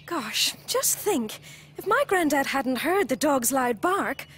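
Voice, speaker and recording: Brief: British woman, children's TV presenter, high and animated storytelling voice with faint background noise. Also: slow. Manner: expressive, playful storytelling.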